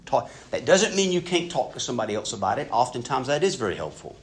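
A man preaching a sermon in an earnest, conversational way, swinging between loud and hushed passages. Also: mid-range voice, very animated, quick pace. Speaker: pastor.

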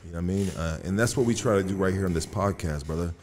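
A man's voice: low voice, rapid-fire, darkish tone, a little hiss or hum. A male podcast host who talks in a casual, encouraging way and calls his guest "bro" and "brother". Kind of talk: casual interview chat.

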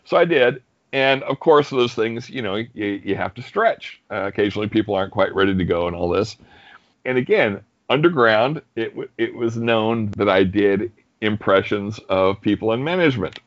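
A young man casually telling a story, animated and laughing often. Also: lowish voice, normal speed, dry recording, highs cut off. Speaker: guest storyteller. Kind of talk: casual anecdote.

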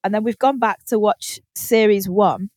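A woman's voice: medium pitch, moderate pace, a little mellow, no echo. A woman hosting a podcast, telling a story in casual chat with lots of laughter and freely swearing. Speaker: podcast host.

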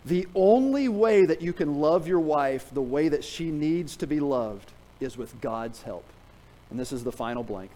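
A middle-aged man preaching a sermon in a church, telling a story with humor, then dropping to a quiet, earnest tone to drive a point home. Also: medium pitch, rough recording. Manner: animated storytelling, jokes with the congregation; drops to a quiet, earnest tone for emphasis. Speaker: pastor. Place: church sanctuary.

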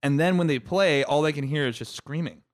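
A man co-hosting a casual podcast, rambling in a relaxed way and swearing casually. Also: fairly high pitch, brisk, no echo, clean studio sound. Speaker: podcast co-host. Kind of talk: casual chat.

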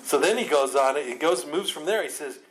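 A man's voice: fairly high pitch, brisk. A man teaching a Bible chapter verse by verse in a conversational way, acting out the speakers' lines with sarcasm and laughter. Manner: conversational, animated, acts out voices with sarcasm and laughs.

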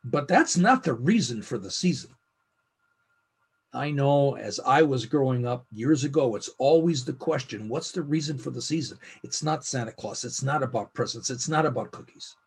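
Earnest husky male Bible teacher. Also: mid-range voice, lively intonation. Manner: earnest, with slow emphatic phrasing. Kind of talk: scripted teaching.

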